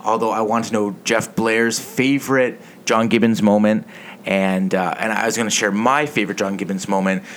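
Guy hosting a sports podcast, kinda low voice, rambles and swears a lot, faint hiss behind. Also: steady tone, normal speed, fairly bright tone. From Canada. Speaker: podcast host. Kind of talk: casual sports podcast chat.

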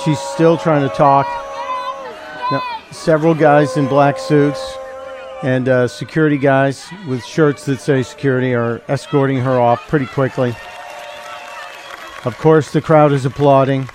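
A man hosting a live talk radio show, narrating a clip in an animated, sarcastic, opinionated way. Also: mid-range voice, a little slow, some chatter behind, slight background noise.

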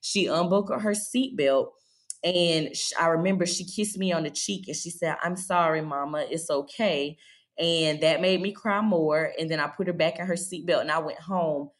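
Telling her personal story as a podcast guest, a woman in her thirties sounds candid and heartfelt, with fillers throughout. She speaks at a moderate pace in a fairly low pitch.

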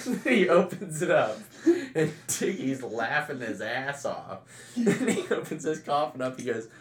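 Animated young guy telling a story, echoey room. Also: medium pitch, normal speed. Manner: animated, loud shouted impressions of his dad's friends. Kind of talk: casual storytelling chat.

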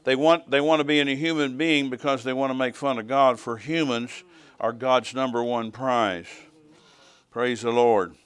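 An older man preaching a sermon, telling personal stories in an animated way and acting out the dialogue. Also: medium pitch, normal speed, clear, resonant tone. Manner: animated storytelling, acts out dialogue, swells to shouting at climaxes.

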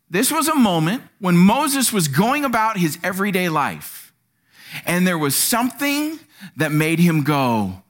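Animated male preacher with a lively voice. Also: a little slow. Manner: animated, acts out quotes with sudden pitch jumps. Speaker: pastor. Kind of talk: sermon. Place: church.

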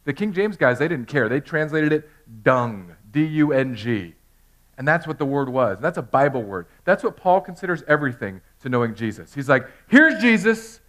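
A middle-aged male pastor giving a sermon, swinging from loud outbursts to quiet, intimate asides. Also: medium pitch, lively intonation, normal speed.

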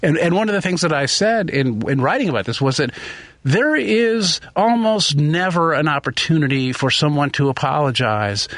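Halting man commenting, dry close sound. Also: on the high side, lively intonation, fairly bright tone, dry recording. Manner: halting, many restarts and fillers, thoughtful. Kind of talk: spoken opinion commentary.

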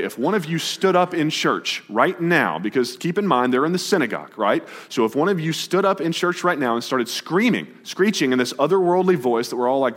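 Man preaching in a reverberant church. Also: medium pitch. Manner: brisk, conversational preaching with scripture reading. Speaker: pastor. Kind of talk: sermon. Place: church sanctuary. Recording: long hall reverb.

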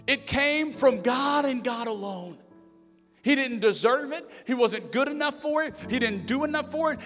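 A man, preaching a sermon and telling family stories with acted quotes, building to emphatic repeated lines. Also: very high voice. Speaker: pastor. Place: church sanctuary. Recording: church hall reverb with soft instrumental music.

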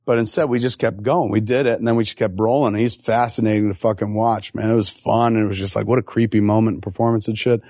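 A man's voice: lowish voice, fast, hardly any pauses, dry recording, clean studio sound. A middle-aged man, a film director, talking casually in an interview and telling stories with acted-out quotes and frequent swearing. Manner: animated, profane storyteller who acts out quotes.

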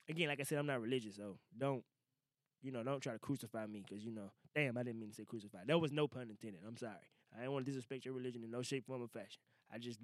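Young guy doing his podcast, kinda high voice, dry close sound, slangy and loose. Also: no room sound. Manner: loose, slangy and animated, swearing and laughing. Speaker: podcast host. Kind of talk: casual podcast monologue. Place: small studio.

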